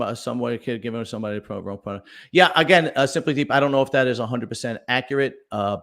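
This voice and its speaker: A man's voice: mid-range voice, fairly bright tone. A male podcast host chatting casually about news stories, rambling with lots of fillers and restarts and telling jokes for donors. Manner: tells jokes read out for viewer donations.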